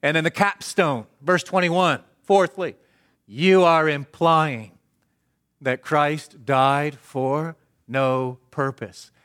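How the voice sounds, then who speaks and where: A man preaching a sermon, asking the congregation questions and answering them himself, swinging from emphatic to hushed. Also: on the high side, steady tone, takes it slowly, clear, resonant tone.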